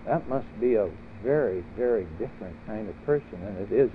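A man's voice: on the low side, expressive, a little fast. Man preaching a sermon over a tinny line. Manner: earnest, rising to emphatic peaks with repeated questions. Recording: tinny phone-like audio with faint noise.

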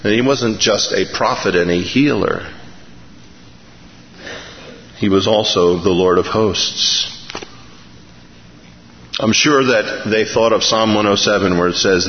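A man's voice: on the low side, measured pace. A middle-aged man preaching a sermon, telling stories with animation and acting out the voices of the people in them. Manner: animated storytelling, acts out voices. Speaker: pastor. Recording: echoey hall, dull sound.

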